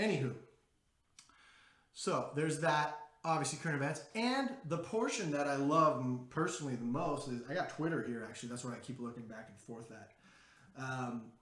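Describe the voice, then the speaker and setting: A man hosting a podcast in a brash, profane, excitable unscripted monologue. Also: on the high side, echoey room. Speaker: podcast host.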